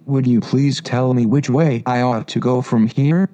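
A man's voice: mid-range voice, fairly even intonation, a little slow, dark tone, dull audio, lightly acted. A man reading Alice, a polite curious girl.

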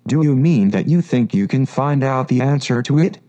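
A man's voice: mid-range voice, expressive, normal speed, mellow, dull audio, lightly acted. A man voicing a contrary, earnest hare in a storybook reading.

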